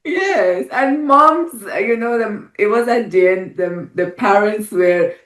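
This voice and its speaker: A woman, not a native English speaker, hosting a podcast. She talks slowly and encouragingly and laughs readily. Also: medium pitch, lively intonation, fairly bright tone. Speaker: podcast host. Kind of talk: casual interview chat. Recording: roomy echo.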